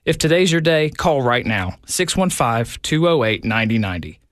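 A man's voice: big pitch swings, normal speed, a bit bright, no echo, clean studio sound. A man who says he is a doctor, reading a scripted radio ad in a direct, urgent way. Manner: direct, urgent sales pitch.

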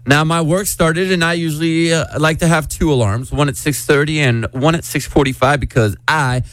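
A man's voice: fairly high pitch, steady tone, normal speed, a bit bright, no echo. A man hosting a radio morning show, joking with co-hosts and reading listener letters aloud. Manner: upbeat, joking. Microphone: studio microphone. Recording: dry studio sound.

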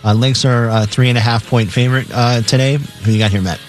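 Male radio co-host, mid-pitched, plain matter-of-fact delivery, faint music bed. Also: fairly even intonation, a little fast. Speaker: co-host reading betting lines. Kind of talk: casual sports radio chat.

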